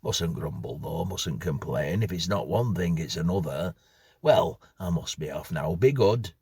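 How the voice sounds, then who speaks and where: A man's voice: low voice, expressive, unhurried, gravelly, a little mellow, slightly rough, dry recording, clean studio sound, heavily acted. A man voicing a benign, chatty middle-aged grocer with a Yorkshire accent, making small talk.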